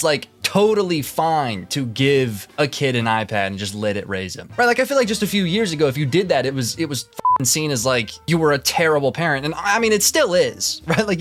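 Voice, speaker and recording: A man's voice: mid-range voice, a bit bright. A man giving casual reaction commentary, rambling and swearing often, with many fillers and restarts. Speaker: commentary YouTuber.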